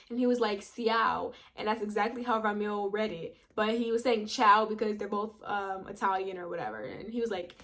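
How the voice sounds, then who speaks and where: A young woman talks through a reality show episode in a loose, chatty way, full of slang. Her voice sits a little high, and she slips into quick impressions of the people she quotes. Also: a bit bright. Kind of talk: casual recap commentary.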